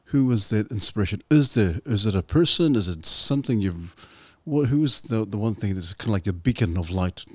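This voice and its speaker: A man's voice: lowish voice, expressive, a little fast, few pauses, dry recording. A man hosting a podcast, asking long, rambling interview questions at an uneven pace. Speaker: podcast host.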